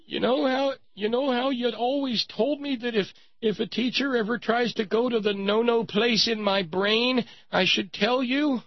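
A man putting on a weepy little girl of about nine, wailing in a squeaky, high voice. She tattles in a whiny, sing-song way. The sound is dry and slightly dull. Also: normal speed, hardly any pauses, no echo. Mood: whiny tattling.

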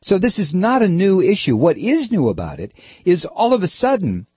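A man's voice: high voice, wildly swooping pitch, moderate pace, slightly rough, no room sound. A middle-aged man hosting a political talk radio show, speaking in an impassioned, emphatic way with many restarts. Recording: dull, lo-fi radio audio.

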